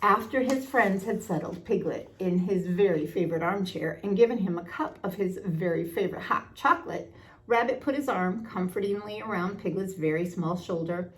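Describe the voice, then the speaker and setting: An older woman reading a children's storybook aloud with expressive, lilting narration. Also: on the low side, moderate pace.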